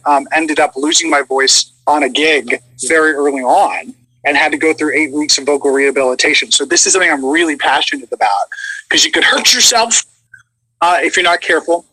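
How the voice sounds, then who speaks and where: A man who is a voice actor, chatting casually and coaching vocal warm-ups with animated demonstrations. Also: on the high side, a little fast, no room sound, low-quality recording.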